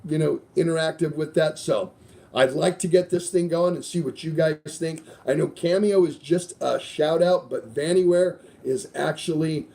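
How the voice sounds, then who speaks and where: A man's voice: on the high side, moderate pace, vocal fry, mellow. A middle-aged man hosting a casual podcast, rambling loosely through sponsor reads with plenty of swearing. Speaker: show host.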